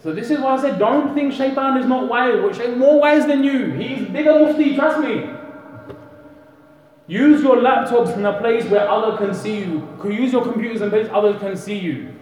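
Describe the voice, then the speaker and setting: A man's voice: very high voice, moderate pace, a little mellow. A man preaching a sermon, impassioned, rising and falling, and acting out voices in his stories. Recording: echoey hall, distant mic.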